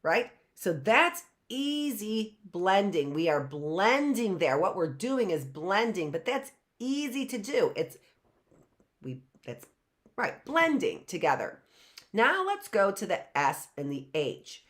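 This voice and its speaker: A woman's voice: mid-range voice, very animated. A woman teaching a live phonics lesson, sounding out letters and answering her own questions, often asking "right?". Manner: asks the class and answers herself, sounding out letters; drawn-out, repeated sounds and frequent "right?".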